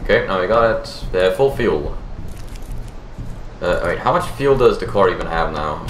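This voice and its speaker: A man's voice: low-pitched, expressive, normal speed, roomy sound, faint music behind. A man casually commenting while playing a game, swearing often and reading the game's lines aloud. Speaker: gaming video host. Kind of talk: let's play commentary.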